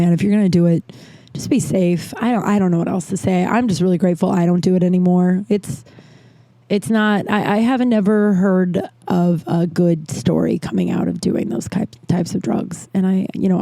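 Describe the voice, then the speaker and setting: A woman in her thirties hosting her podcast, telling candid, animated stories with frequent tangents and casual swearing. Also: fairly low pitch, dry recording. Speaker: podcast host. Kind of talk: casual storytelling monologue. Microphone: desk microphone.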